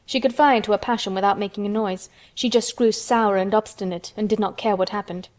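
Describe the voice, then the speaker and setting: A woman reading a children's storybook aloud in steady, measured narration. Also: mid-range voice.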